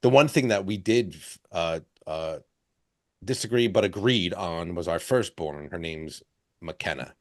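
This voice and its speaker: A man's voice: sits low, measured pace, no room sound. A man hosting a podcast, chatting casually with a laid-back manner. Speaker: podcast host.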